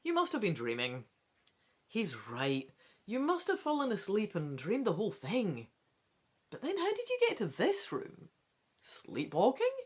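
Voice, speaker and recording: Expressive woman reading a gamebook. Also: mid-range voice, measured pace, slightly rough. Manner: expressive, wry asides. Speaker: reader of a gamebook. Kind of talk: reading a choose-your-own-adventure with asides.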